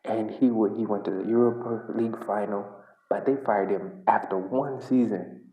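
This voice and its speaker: A man's voice: lowish voice, steady tone, normal speed, mellow, slight background noise. A man from Uganda, a football fan vlogger, venting in an exasperated, repetitive reaction rant. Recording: echoey room.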